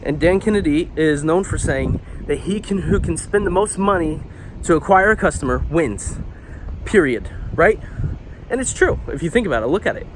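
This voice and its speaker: A man's voice: on the high side, expressive, normal speed, noisy background. A web designer and marketer talking casually while he paces, a little out of breath, with lots of fillers. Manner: conversational, lots of fillers and "right?". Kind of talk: casual explainer monologue.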